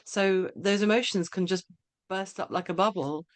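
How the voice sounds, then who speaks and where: A woman hosting a webinar over a video call, agreeing warmly with her guest and speaking hesitantly with many fillers and restarts. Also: medium pitch, moderate pace, dry recording. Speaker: host. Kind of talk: casual webinar chat.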